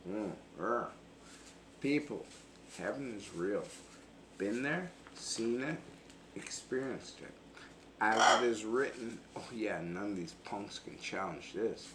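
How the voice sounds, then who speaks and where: Brief: man, taunting preacher rant, slow delivery, noisy surroundings. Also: lowish voice. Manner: boastful, taunting, swearing. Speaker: self-styled preacher vlogger. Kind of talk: profane confrontational rant. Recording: noisy background ambience.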